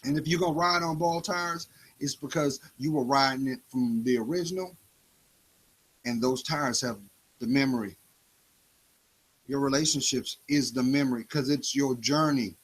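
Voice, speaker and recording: Husky man preaching a motivational monologue. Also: medium pitch, normal speed, long pauses, poor audio. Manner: preachy, confrontational, rhetorical questions. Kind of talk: spoken-word motivational monologue.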